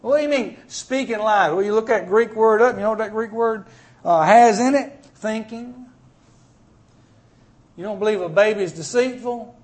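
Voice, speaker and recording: A male pastor delivering a sermon in a notably high voice. He preaches emphatically, with folksy asides and acted-out stories between readings. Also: moderate pace, pauses often, a little mellow.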